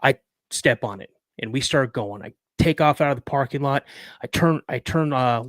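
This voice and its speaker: A man's voice: mid-range voice, moderate pace, no echo. Guest, man in his 50s, dramatic storyteller, mid-range voice, dry mic. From United States. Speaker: podcast guest. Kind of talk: telling a personal story.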